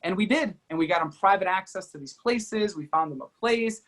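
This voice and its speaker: A man who is a guest on a podcast, telling a personal story as an energetic, fast-talking storyteller with many fillers like "you know" and "like". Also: high voice. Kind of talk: animated storytelling in an interview.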